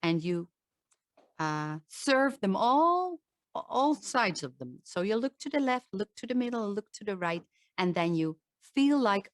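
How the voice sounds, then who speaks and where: A middle-aged woman with a Dutch accent, a voice and presentation coach giving an online talk, speaking slowly and emphatically with frequent restarts. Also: medium pitch, big pitch swings, no echo, clean studio sound.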